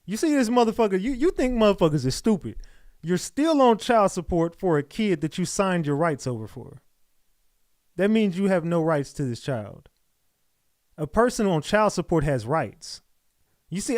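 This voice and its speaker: A man's voice: high voice, darkish tone, dry recording, studio quality. Blunt, mocking male livestream host. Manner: exasperated, mocking, talks straight to viewers. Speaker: livestream host reacting to a clip. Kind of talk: blunt profane livestream commentary.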